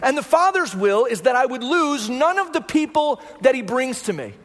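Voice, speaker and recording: Guy pastor giving a sermon, chatty style, really high voice, echoey hall sound. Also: very animated, moderate pace, a bit bright. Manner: conversational preaching with rhetorical "right?" asides.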